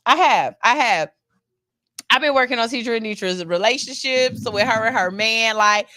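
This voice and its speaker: A woman's voice: lowish voice, brisk, sharp tone, no echo, studio quality. A woman hosting a morning radio show, chatting casually with loose, playful banter and cursing freely. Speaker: station engineer.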